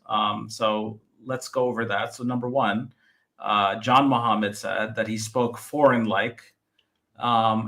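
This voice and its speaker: A man, the author of a book, explaining his research point by point in a relaxed podcast interview. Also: medium pitch. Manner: methodical, lists points by number.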